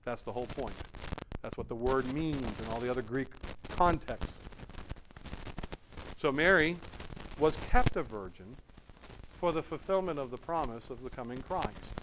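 A man's voice: mid-range voice, expressive, moderate pace, long pauses, noisy background. A man preaching a sermon, emphatic and repeating his points for emphasis.

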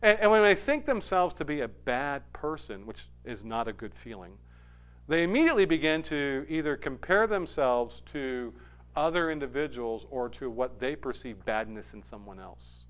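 A man preaching a sermon, swinging from quiet, low passages up to loud, emphatic stretches. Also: lively intonation, moderate pace. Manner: rising to emphatic, forceful stretches, then dropping low and quiet.

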